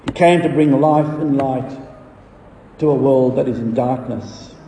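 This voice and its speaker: A man's voice: medium pitch, measured pace, warm tone, slight background noise. A male pastor preaching a sermon, asking rhetorical questions and swelling on key phrases. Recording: echoey hall from far off.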